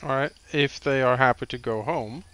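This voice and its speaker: A man playing a tabletop game, describing his character's actions slowly and deliberately. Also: medium pitch, a bit bright. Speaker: player.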